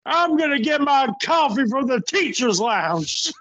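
A man doing a comic impression of a grumpy middle-aged man griping as a schoolteacher, in a mock-gruff grumbling voice. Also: extremely high pitch, big pitch swings, unhurried, a bit bright, no room sound, voice pushed up, heavily acted. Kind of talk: comic impression in casual chat.

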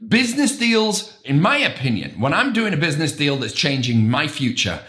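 A middle-aged man, a real estate broker, giving an emphatic, animated motivational talk. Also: on the high side, moderate pace.

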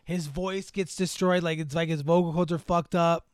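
A young man co-hosting a casual movie chat, animated and mocking, laughing often as he acts out scenes. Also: on the high side, normal speed, clear, resonant tone, no echo, clean studio sound. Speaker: podcast co-host.

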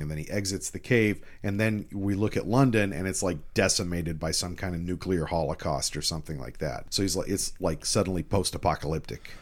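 Deep-voiced man sharing film trivia. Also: a little fast, hardly any pauses. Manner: chatty, adds film trivia with laughs. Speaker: podcast co-host. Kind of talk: casual movie discussion.

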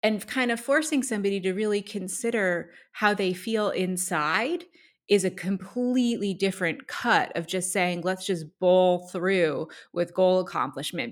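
A woman coach co-hosting a podcast, explaining her craft in a casual, animated way with frequent laughs and everyday examples. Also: fairly low pitch. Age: adult.

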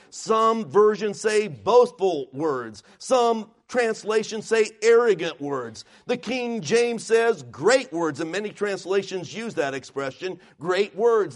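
A man preaches a sermon in a notably high voice. He is emphatic and keeps asking his listeners questions. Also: expressive, measured pace, few pauses. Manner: emphatic, asks the congregation questions.

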